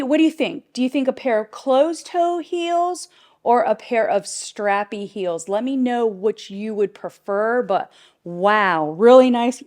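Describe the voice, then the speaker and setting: A bubbly middle-aged woman talks her viewers through a try-on haul, gushing and laughing often. Her voice sits a little on the high side. She speaks into a clip-on mic indoors. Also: darkish tone. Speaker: fashion vlogger. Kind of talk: casual try-on haul chat.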